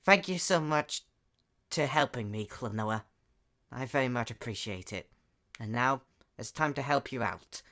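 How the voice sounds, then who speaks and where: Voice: mid-range voice, animated, measured pace, pauses often, a bit bright, pitched below the performer's own voice. A performer voicing a grateful, determined young sidekick in a fan audio drama, speaking earnestly. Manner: earnest and resolved.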